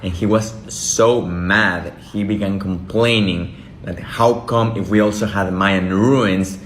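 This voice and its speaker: A man's voice: fairly low pitch, fairly even intonation, slow pace, slight background noise. A man who works in tourism tells a story in a plain, matter-of-fact way. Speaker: tourism worker. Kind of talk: casual storytelling.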